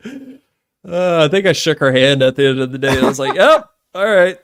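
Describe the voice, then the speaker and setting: Here a podcast co-host speaks in a mid-range voice at normal speed, captured in clean studio sound with no room tone. The conversation is laid-back and casual, with lots of swearing and laughing.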